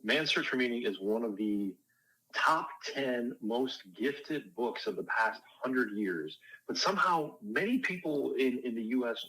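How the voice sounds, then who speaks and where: A man's voice: mid-range voice, fairly bright tone, rough recording. A man who works as a counselor and coach answers interview questions in a conversational, explanatory way, with light self-deprecating asides. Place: outdoors on a porch.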